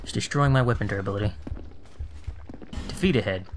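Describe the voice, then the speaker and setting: A man's voice: on the low side, a little fast, faint music behind. A man casually commenting on his own gameplay, sarcastic and muttering to himself as he plays. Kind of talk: casual let's-play commentary.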